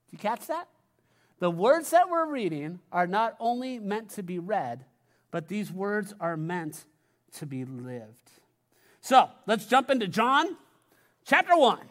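A man with a notably high voice preaches to his congregation in a church. His delivery is conversational, and he circles back to repeat key phrases. He drops playful asides along the way. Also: a bit bright. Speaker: pastor. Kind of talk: sermon. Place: church sanctuary.

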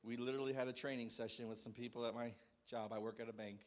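A man in his thirties preaching a sermon to a congregation in a church, animated and shouting out quoted calls. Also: medium pitch, rapid-fire. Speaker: pastor.

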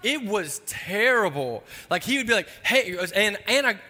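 A man preaching a sermon as pastor, telling stories in a lively way and dropping low and quiet for the solemn points. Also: normal speed, big-room sound.

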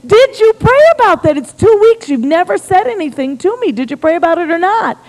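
A woman's voice: extremely high pitch, very animated, brisk, a little mellow, in a large hall, pitched above the performer's own voice, heavily acted, poor audio. A woman acting out her insistent, agitated missionary husband in an emphatic, pleading voice within a sermon.

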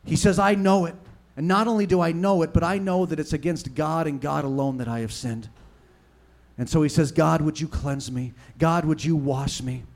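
High-voiced impassioned male preacher. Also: fairly even intonation, normal speed. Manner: impassioned preaching, swinging between loud and hushed. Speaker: pastor. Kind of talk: sermon.

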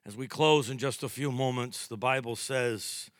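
A man preaching a sermon as a pastor, telling stories with acted-out dialogue in a lively, humorous way. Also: medium pitch, normal speed, dry recording, clean studio sound. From New York.

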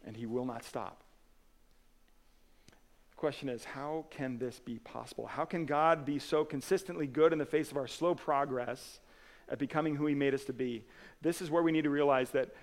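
A man's voice: medium pitch, normal speed. A man preaching a sermon as pastor, earnest and conversational, with casual asides and restarts. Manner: earnest, swings from emphatic to soft and quiet.

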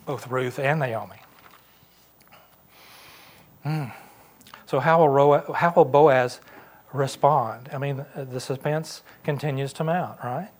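A man's voice: medium pitch, fairly even intonation, slow. A man teaching a Sunday school class in a church classroom, talking conversationally and asking the class questions.

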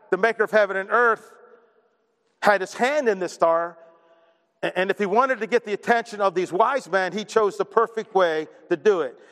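A man's voice: high-pitched, a bit bright, long reverb tail. A man preaching a sermon, joking and poking fun at himself between points. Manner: joking, self-deprecating asides. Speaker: pastor.

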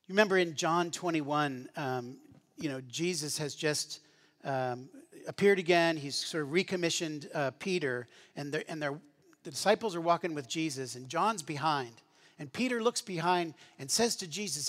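Guy preaching, kinda high voice, chatty and earnest, trips over his words a bit. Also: fairly bright tone. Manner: conversational, earnest teaching with restarts. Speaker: pastor. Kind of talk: sermon.

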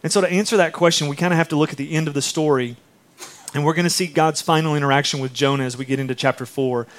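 A pastor with a fairly high-pitched voice preaches a sermon at a fast clip. His tone is conversational, and he tells animated stories, acting out the quotes.

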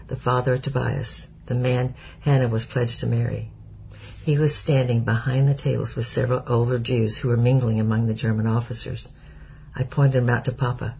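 Male audiobook narrator, gravelly and husky, dark mellow tone, measured pace. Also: medium pitch, little pitch movement, slight background noise, poor audio. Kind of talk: scripted narration.

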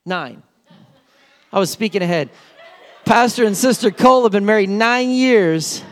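Animated preaching man, lively high voice. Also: a little slow, long pauses. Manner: animated, playful storytelling asides. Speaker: pastor. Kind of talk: sermon. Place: church sanctuary.

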